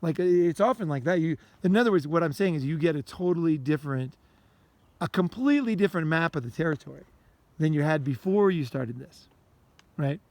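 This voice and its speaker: A man's voice: on the high side, expressive, brisk, a little mellow, dry recording. A man hosting a self-help podcast in a loose, rambling, casual monologue, swearing often and repeating himself, recorded outdoors while walking. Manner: loose, repetitive, swears often, acts out inner rants.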